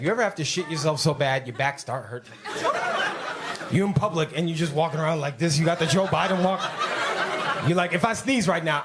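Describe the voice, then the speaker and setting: Um comediante brash e grosseiro, com ruído forte de sala. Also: male voice, sits high, heavy background noise. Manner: crude, brash, animated storytelling with voices. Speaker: stand-up comedian. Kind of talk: stand-up comedy set. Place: comedy club stage with live audience.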